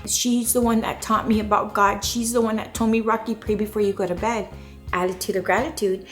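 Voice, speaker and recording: Woman in her thirties, motivational vlogger, earnest and faith-driven, middle pitch, light music bed. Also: flat delivery, brisk. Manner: earnest, faith-filled, repeats a catchphrase. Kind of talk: motivational vlog talk.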